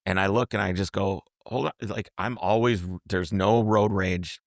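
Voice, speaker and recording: A man telling a road trip story in casual podcast chat, animated and acting out the voices of the people he quotes. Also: low-pitched, normal speed, no room sound, studio quality. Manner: animated, acts out quotes, repeats and restarts words.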